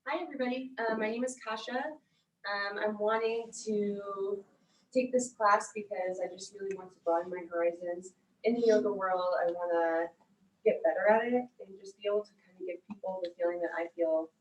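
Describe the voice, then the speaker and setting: A woman's voice: mid-range voice, normal speed, dull audio. A woman introducing herself to a yoga teacher training group, chatty and laughing often. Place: yoga studio room with a group. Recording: roomy sound from a far mic with faint noise.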